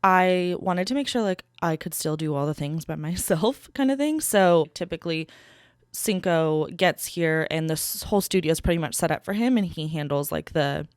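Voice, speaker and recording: A young woman hosts a solo podcast from a small studio, rambling casually with plenty of fillers. Her voice sits on the low side with lively intonation, moving at a normal speed, smooth and dry through a studio mic.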